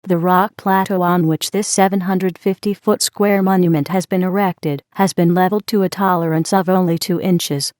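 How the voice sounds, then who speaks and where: A talkative woman from the next table explains things at length in a steady, lecturing way, and her voice sits low. A woman reads her part. It sounds dry and close. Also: moderate pace, hardly any pauses, dry recording, natural voice. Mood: explaining.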